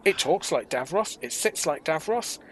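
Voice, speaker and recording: A man's voice: fairly high pitch, lively intonation, normal speed, a bit bright, a little hiss or hum. A man co-hosting a podcast, chatting casually and mocking with jokes and little put-on voices. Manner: joking, mocking, acts out voices. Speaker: podcast co-host. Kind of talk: casual chat.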